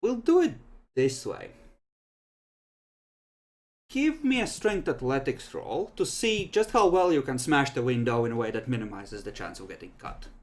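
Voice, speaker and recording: A man acting as game master in a tabletop game, with an ordinary mid-pitched voice. He calmly explains the rules and narrates the results of each roll in an even, patient way. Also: moderate pace.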